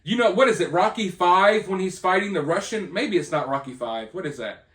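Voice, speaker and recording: A man's voice: high voice, brisk, a bit bright. A man hosting a commentary video, ranting in a sarcastic, mocking way. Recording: roomy echo.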